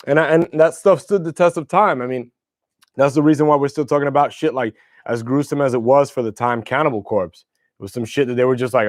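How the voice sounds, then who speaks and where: A man's voice: medium pitch, brisk, no room sound, studio quality. Profane, rambling man on a livestream. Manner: loose, profane, rambling storytelling. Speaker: livestream host. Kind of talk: casual livestream chat.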